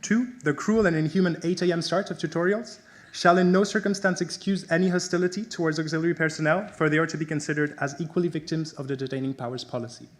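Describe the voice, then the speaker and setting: A man reads out mock legal articles in a dry, deadpan way at a graduation ceremony. His voice sits a little high for a man. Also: quick pace. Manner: deadpan reading, breaking into laughter. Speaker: graduating student presenter.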